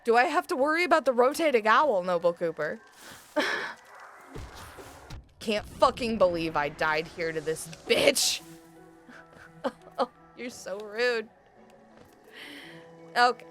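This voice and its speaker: A woman's voice: fairly high pitch, expressive, slow, pauses often, a bit bright, soft background music. A woman streaming a game, chatting casually with her viewers, laughing often and swearing freely. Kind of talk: casual gameplay chat with chat.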